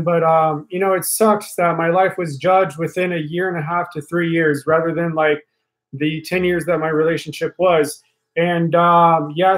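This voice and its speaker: High-voiced chatty young man. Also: low-quality recording. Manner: rambling with many fillers and restarts; talkative, addresses viewers directly. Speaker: live stream host. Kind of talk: casual live stream chat. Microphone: studio mic held a little away from face.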